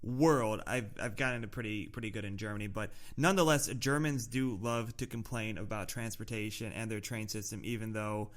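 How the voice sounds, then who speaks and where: A man's voice: fairly low pitch, fairly even intonation, a little fast, few pauses. A man from the States co-hosting a travel podcast, chatting casually and teasing his co-host, often restarting his sentences. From United States. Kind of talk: casual chat. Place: living in Germany.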